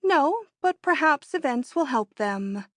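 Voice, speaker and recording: In this audiobook character voice, a female narrator plays an eager, bold young society woman, impatient and given to high, forceful exclamations far above an ordinary woman's range. The pace is measured, and the close recording has no echo.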